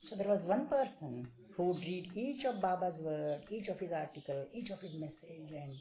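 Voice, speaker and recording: A man telling stories to a small group in a gentle, unhurried way, acting out the voices in them. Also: a little high, lively intonation. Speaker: speaker sharing stories of his spiritual master. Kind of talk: informal storytelling talk to a small group. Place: meeting hall. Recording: dull lo-fi recording.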